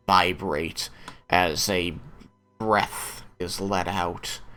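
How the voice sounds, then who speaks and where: A man narrating a tabletop fantasy game as game master, in a measured, descriptive way. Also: low voice, fairly bright tone.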